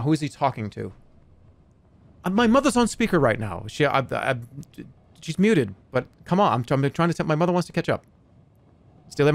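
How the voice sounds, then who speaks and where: A man streaming from his room at home, chatting casually in a joking, excitable way with sudden loud outbursts. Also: mid-range voice. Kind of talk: casual live-stream chat.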